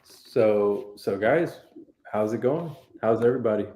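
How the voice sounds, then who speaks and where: A man's voice: on the low side, unhurried, warm tone. A man hosting a casual livestream chat, easygoing and rambling, with a lot of fillers. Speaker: host. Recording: echoey room.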